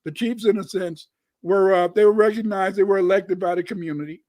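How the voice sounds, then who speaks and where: A man's voice: high voice, fairly even intonation, a little fast, a little mellow, no echo. An older American man, a guest scholar, talking loosely on a live stream, repeating his words and cussing now and then. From United States. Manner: rambling, repeats words, cusses. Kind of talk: casual live-stream talk.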